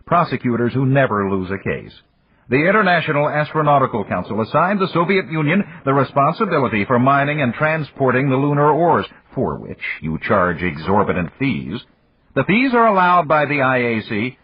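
A man's voice: mid-range voice, very animated, normal speed, breathy edge, voice pushed up. A man doing a breezy, needling tycoon. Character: brash confident male entrepreneur. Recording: dull dry lo-fi recording.

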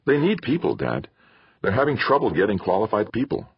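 A man voicing an eager young man, pitched higher. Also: wildly swooping pitch, fairly quick, gravelly, slightly rough, dry recording, lo-fi sound, heavily acted. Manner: eager, pleading.

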